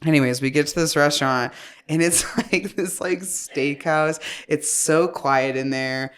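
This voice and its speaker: A woman's voice: deep voice, measured pace. A young woman, a podcast guest, chatting casually and telling stories with lots of swearing and laughter. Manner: animated storyteller, swears freely, laughs often.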